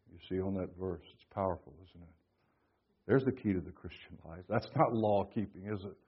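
Male preacher, husky, dramatic dynamic swings, muffled recording. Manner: dramatic swings from hushed to booming emphasis. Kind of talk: sermon. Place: conference hall.

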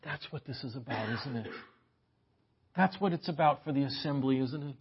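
A man's voice: medium pitch, expressive, moderate pace, slightly rough. Preacher man, dull lo-fi sermon recording. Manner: builds from quiet musing to loud impassioned preaching.

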